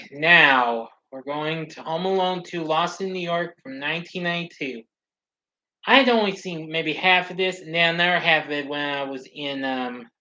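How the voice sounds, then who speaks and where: A man chatting casually on a live stream, rambling along with halting restarts and fillers. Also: on the high side, bright, forceful tone, dull audio.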